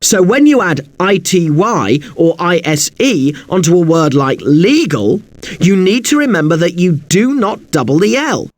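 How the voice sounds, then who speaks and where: A man's voice: high-pitched, big pitch swings, a little slow, no echo. A man teaching an English spelling lesson, polite and a little apologetic, who spells words out letter by letter.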